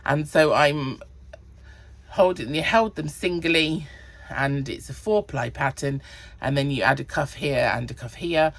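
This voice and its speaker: Chatty woman knitting podcaster, husky voice. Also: low voice, unhurried. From Cornwall. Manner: chatty, counts stitches under her breath, self-correcting. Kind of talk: casual chat.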